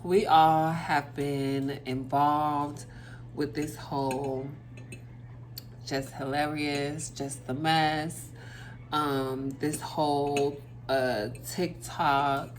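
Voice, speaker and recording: Slow low-voiced woman vlogger. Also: slight background noise. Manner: chatty, drawn-out, talks straight to viewers. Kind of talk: casual chat to camera over dinner.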